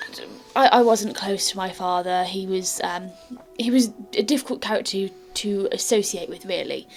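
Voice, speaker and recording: A woman's voice: medium pitch, normal speed, faint music behind, lightly acted. A woman doing a stammering, polite young nobleman. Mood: hesitant.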